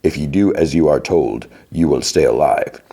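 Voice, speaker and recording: A cold, commanding hijacker, middle-aged and grim, delivering clipped threats in a very deep voice, as a man recapping a TV show puts him on. His orders come out measured and firm. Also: warm tone. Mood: stern.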